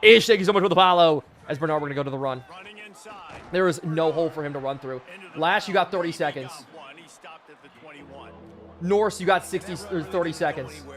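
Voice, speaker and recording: A hoarse man in his twenties from Pennsylvania, giving hyped live game-stream commentary and chatting with viewers. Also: a little high, a little fast, pauses often, a bit bright. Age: 20s.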